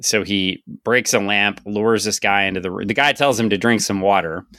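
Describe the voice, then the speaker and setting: A man's voice: fairly low pitch, moderate pace, bright, forceful tone, no echo, clean studio sound. A man co-hosting a casual comic book podcast, recapping the plot with playful asides. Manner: recaps plot, jokes in a put-on drawl. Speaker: podcast co-host.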